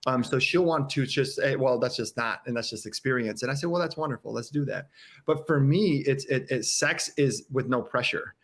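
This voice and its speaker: This man's voice sits in the mid range with a fairly bright tone. Appearing as a podcast guest, he talks openly and sincerely, frequently starting sentences over and performing other people's quotes in a halting way.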